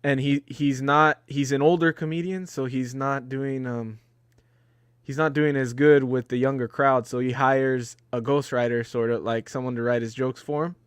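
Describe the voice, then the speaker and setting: Man, mid pitch, easygoing movie chat, laughs a lot, close dry mic. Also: steady tone, moderate pace, smooth, dry recording. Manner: laid-back, laughs often, mimics film lines. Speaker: co-host of a movie watch-along. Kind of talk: casual chat.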